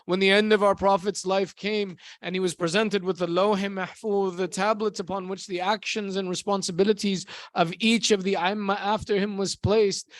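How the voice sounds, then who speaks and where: High-voiced man preaching a solemn sermon. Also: dry recording. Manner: solemn storytelling, slows on key words. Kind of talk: mourning sermon. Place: community center hall.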